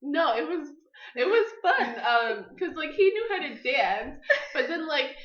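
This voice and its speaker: A young woman co-hosting a podcast, telling stories in a casual, animated way and laughing often. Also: high-pitched, measured pace. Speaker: podcast co-host. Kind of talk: casual chat. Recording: echoey room, slightly dull sound.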